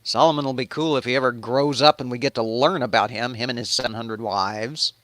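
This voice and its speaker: A man's voice: medium pitch, brisk, fairly bright tone, dry recording. A man hosting a comedic, irreverent retelling of scripture, with sardonic and profane narration. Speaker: host.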